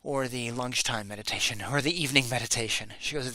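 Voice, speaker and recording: A man's voice: medium pitch, a little fast, hardly any pauses, pushed and bright, dry recording. A middle-aged man hosting a reaction show, talking candidly with frequent restarts and fillers. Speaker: host. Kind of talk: casual reaction commentary.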